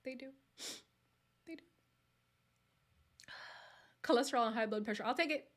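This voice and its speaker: A woman's voice: on the high side, a little slow. Chatty woman hosting a live watch party. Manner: animated, chatty, reads out viewer comments, drops into whispered asides. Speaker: livestream host reacting to a reality show.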